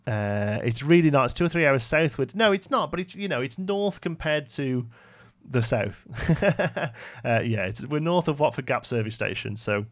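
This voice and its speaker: Expressive and moderately paced at a medium pitch with no echo, this West Midlands man speaks with a Brummie accent. He builds during a live stream, chatting casually, reading viewer messages aloud and answering them.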